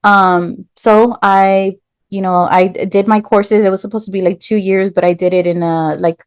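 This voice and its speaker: A woman tells her own story as a podcast guest, animated, with lots of "like" and "um" fillers. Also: medium pitch, normal speed, clean tone, no room sound. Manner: animated storyteller, acts out quoted voices, many "like" and "um" fillers. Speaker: podcast guest, nurse and business owner. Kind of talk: casual storytelling interview.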